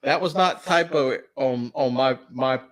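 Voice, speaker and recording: A man's voice: mid-range voice, unhurried. A man with a Southern US accent hosting trivia in casual live-stream chat, chuckling as he reads out questions. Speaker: trivia host.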